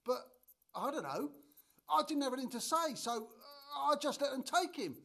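A man's voice: very high voice, lively intonation, normal speed, gravelly, bright, forceful tone, heavily acted. An actor in a church drama sketch playing a chatty, proud middle-aged trader and father, who tells the story with wry asides.

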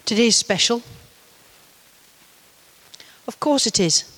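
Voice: mid-range voice, animated, takes it slowly, pushed and bright, in a large hall, poor audio. A preacher with a Geordie accent giving a sermon in a conversational way, with wry asides.

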